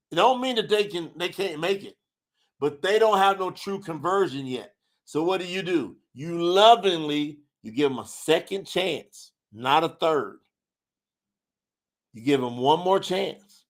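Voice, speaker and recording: A man hosting a religious livestream, reading chat comments aloud and preaching. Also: high-pitched. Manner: animated, preacher-like, shouts at times. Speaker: religious talk host.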